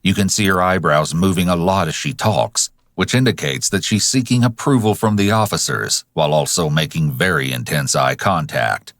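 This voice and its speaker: A man narrating a true crime documentary in a measured, dramatic way. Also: low voice, a bit bright, no room sound, studio quality.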